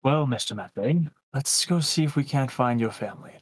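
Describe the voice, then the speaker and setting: A man playing a gentle, soothing adventurer. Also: mid-range voice, animated, normal speed, slightly rough, dry recording. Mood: polite. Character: calm male adventurer who tends the grieving.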